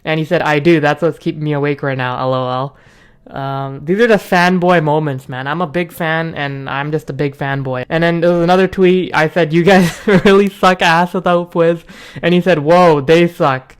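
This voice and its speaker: A young man hosting a gaming video, telling a rambling story with bursts of excitement. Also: fairly high pitch, fairly quick, clear, resonant tone. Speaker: gaming channel host.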